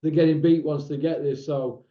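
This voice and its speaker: A man with a fairly high voice hosts a casual online boxing chat show. He talks bluntly and rambles, saying what he thinks. The sound is dull and lo-fi, like online call audio. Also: steady tone, moderate pace, crowd noise. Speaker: boxing channel host.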